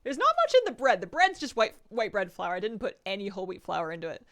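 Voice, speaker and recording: A woman's voice: medium pitch, sing-song, fast talker, a bit bright, dry recording. Chatty woman streamer, dry close sound. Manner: chatty, thinks aloud while eating and playing. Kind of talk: casual live-stream gaming chat.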